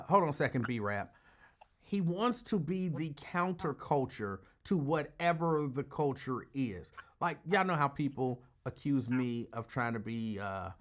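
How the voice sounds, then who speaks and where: A call-in talk show host offers casual commentary in an emphatic, argumentative way, repeating his points for effect. His voice is medium-pitched.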